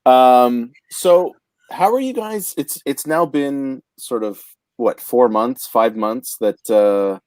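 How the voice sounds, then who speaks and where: A man's voice: mid-range voice, lively intonation, a little mellow, dry recording. Stammering Canadian man, dry sound. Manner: halting, stammering restarts, laughs easily. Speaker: podcast host. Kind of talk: casual chat.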